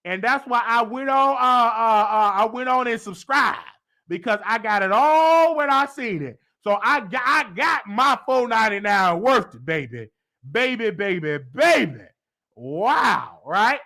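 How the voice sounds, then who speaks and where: A man hosting his own show, casually recapping and reviewing a TV episode in a slangy, animated way with loud bursts. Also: very high voice, a little slow.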